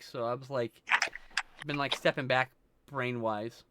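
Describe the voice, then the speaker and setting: A man's voice: fairly high pitch, fairly even intonation, brisk, background noise. A man streaming live, talking to his chat in a rambling, scattered way with a lot of swearing, and he is stoned. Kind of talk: casual chat with chat.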